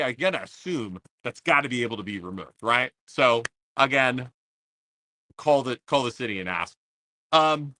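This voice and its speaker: A man's voice: on the high side, bright, forceful tone, no echo. A man hosting a podcast livestream, ranting in a casual, fired-up way to his viewers while he stands outdoors under an umbrella in pouring rain. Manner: fired-up, repetitive, talks straight to viewers. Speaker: podcast host.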